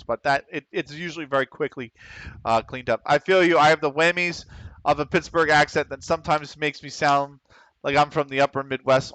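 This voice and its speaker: A man with a Philadelphia accent giving casual commentary while streaming a game, talking quickly and running his words together, often clearing his throat. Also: mid-range voice, a bit bright, no room sound. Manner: fast, runs words together.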